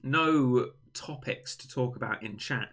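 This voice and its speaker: A man's voice: mid-range voice, unhurried, a bit bright. Guy, young adult, livestream host, casual rambling chat, self-deprecating jokes. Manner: self-mocking, rambling, fond of "mate".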